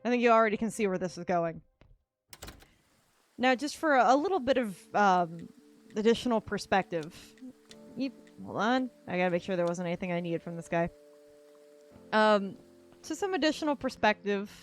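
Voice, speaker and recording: A woman's voice: mid-range voice, expressive, moderate pace, pauses often, faint music behind. A woman streaming a game, telling a family story in a casual, rambling way and laughing often.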